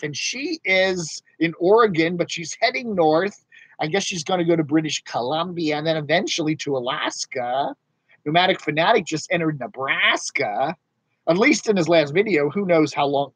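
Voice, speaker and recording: A man with a slightly raised, husky voice rambles through a relaxed live chat with his viewers, chuckling between thoughts. The sound is dry and close, with no room echo. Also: on the high side. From mid-Atlantic United States. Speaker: live stream host. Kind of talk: casual live chat reading viewer comments. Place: home studio in Northern Virginia.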